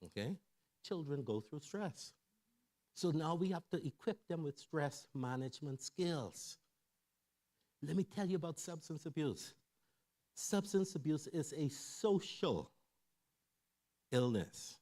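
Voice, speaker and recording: A middle-aged man giving a lively sermon-style talk on family and parenting, telling stories conversationally and checking in with the audience. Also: a little high, takes it slowly, pauses often. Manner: animated storyteller who acts out quoted voices. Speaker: church speaker on family and mental health.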